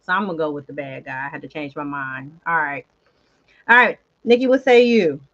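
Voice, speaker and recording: A woman hosting a casual chat show, animated and chatty, talking straight to her viewers. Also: deep voice, a little fast, lo-fi sound. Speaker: host.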